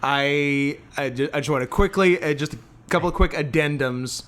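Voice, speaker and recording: A man's voice: fairly high pitch, normal speed, a bit bright. A young man co-hosting a podcast in casual banter, rambling and trailing off, laughing often. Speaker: podcast co-host.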